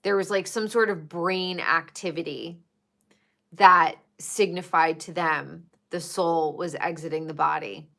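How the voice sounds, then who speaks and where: Woman streamer, slow unhurried delivery, chatty and profane, talks straight to viewers. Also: lowish voice, fairly even intonation, vocal fry, pushed and bright. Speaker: livestreamer. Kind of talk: casual chat with viewers.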